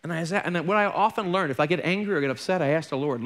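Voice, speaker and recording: A man's voice: sits high, very animated, quick pace, hardly any pauses, a bit bright. A middle-aged man preaching a sermon as a pastor, candid and conversational, with joking asides. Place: church.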